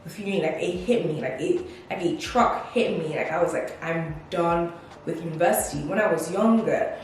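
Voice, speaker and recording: This vlogger, a woman in her twenties with a lowish voice, speaks at a moderate pace through a relaxed, reflective life update full of fillers and acted-out dialogue. The sound is distant and very echoey, with faint noise.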